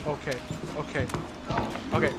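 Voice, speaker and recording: A man's voice: a little high, level tone, moderate pace. A teenage boy playing a horror game with a friend, swearing nonstop and screaming whenever something startles him. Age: teens. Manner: swears constantly, yelps and screams when startled. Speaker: game player. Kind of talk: panicked co-op gaming chat. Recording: noisy gaming mic.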